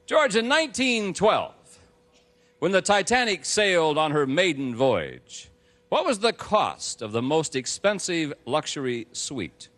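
Animated, teasing game show host man. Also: a little high, slow pace. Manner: excitable, teasing, shouts out results. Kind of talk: energetic TV game show hosting. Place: TV studio with audience.

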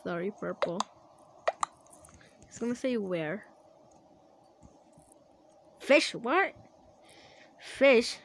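A woman talks her way through an online game in loose, casual commentary, drawing out her words at an easy pace. She breaks into laughs and shouts whenever something happens. There's a steady hiss of noise under the recording. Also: fairly high pitch, very slow, long pauses, low-quality recording. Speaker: gaming channel creator.

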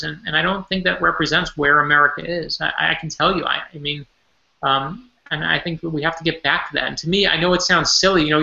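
Guy on a remote call from his home office, gravelly and really tense-bright, echoey dull audio, earnest, keeps restarting his sentences. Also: fairly high pitch. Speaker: author as guest. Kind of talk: remote interview, personal stories.

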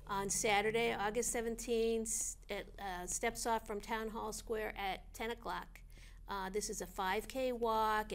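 A woman co-hosting a local events show, reading listings in a brisk, chatty way with friendly asides. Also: medium pitch, clean tone. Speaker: chamber of commerce co-host reading event listings. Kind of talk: casual local events chat.

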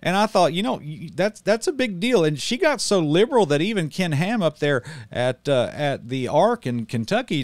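A middle-aged man with a fairly high voice rants like a preacher, climbing into loud outrage and then dropping to a low, calm tone. He restarts his sentences often. The sound is dry and close. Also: no room sound. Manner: repeats words and restarts often. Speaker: street preacher and channel host. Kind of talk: heated commentary video.

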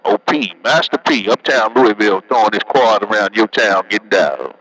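A man's voice: lowish voice, lively intonation, normal speed, very noisy. A man bantering over CB radio, teasing and joking, tagging his lines with "man". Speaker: CB radio operator. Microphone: CB radio handset.

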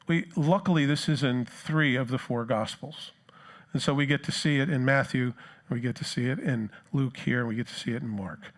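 A man from New Jersey with a New Jersey accent, preaching a sermon in a conversational, self-deprecating way and acting out the disciples' cries. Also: medium pitch. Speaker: pastor.

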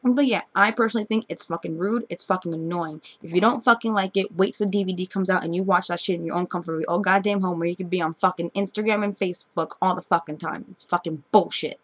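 Young New York woman, lowish voice, late-night vlog rant, heavy swearing, rambling. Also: steady tone, quick pace, few pauses, dry recording. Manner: profane, fired-up ranting; sleepy, rambling and low-key. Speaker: vlogger. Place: bedroom at night.

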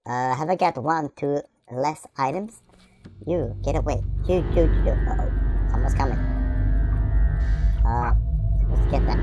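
A woman rattles off goofy play-by-play over a video game, teasing and mocking the character she faces. Her pitch swings up and down all the time. Game music plays behind her voice. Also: animated, normal speed, long pauses. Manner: silly, playful, trash-talking the game character. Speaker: gaming YouTuber. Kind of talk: playthrough commentary.

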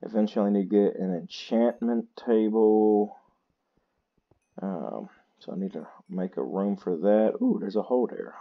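A tired man, chatting slowly and poking fun at himself while he plays a game. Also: on the low side, highs cut off. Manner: slow, chatty and self-mocking. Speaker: gaming channel host. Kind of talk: casual gameplay commentary.

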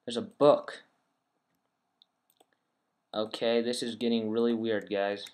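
A man's voice: lowish voice, level tone, slow pace, darkish tone. A man hosting a gaming video, thinking aloud in a rambling, chatty way and talking to his viewers. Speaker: gaming channel host. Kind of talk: casual game commentary.

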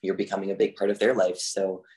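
Low-pitched man, casual interview guest, chatty with lots of fillers. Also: flat delivery, fast talker, darkish tone. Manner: chatty, filler-heavy with frequent "like". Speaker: podcast guest, drag artist.

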